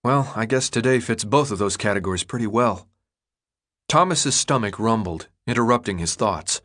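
An audiobook narrator, male, delivers scripted narration with a fairly low pitch. His reading is measured and expressive, in a storytelling style.

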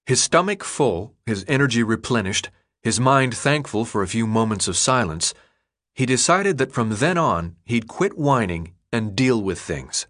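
Expressive male audiobook narrator. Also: mid-range voice. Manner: expressive, measured storytelling. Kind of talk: scripted narration.

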